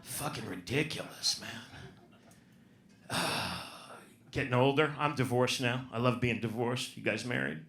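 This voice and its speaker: A man's voice: mid-range voice, measured pace, a bit bright. A man doing a profane, brash stand-up set in a comedy club, working the crowd. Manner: profane, brash, riffs on audience.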